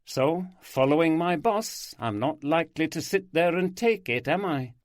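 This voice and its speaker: A man's voice: a little high, animated, unhurried, no room sound, studio quality, pitched above the performer's own voice. A man voicing a forthright young woman detective sergeant. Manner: forthright, plain.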